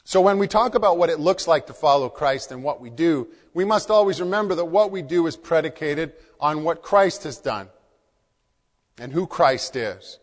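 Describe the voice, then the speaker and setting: A man's voice: on the high side, expressive, normal speed. A man preaching as a pastor in church, earnest and repeating key phrases for emphasis. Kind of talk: sermon. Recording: long hall reverb.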